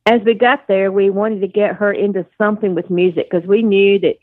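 A woman's voice: mid-range voice, steady tone, brisk, dry recording. Older Southern-accented woman, anecdotal interview guest, phone-line quality. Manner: storytelling, warm anecdotes with fillers. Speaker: guest, adoptive mother. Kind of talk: conversational interview.

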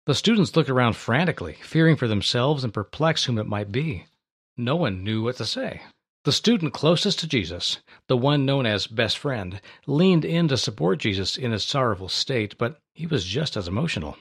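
A man's voice: mid-range voice, big pitch swings, normal speed, husky. Man hosting a radio ministry. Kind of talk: scripted radio appeal and Bible reading.

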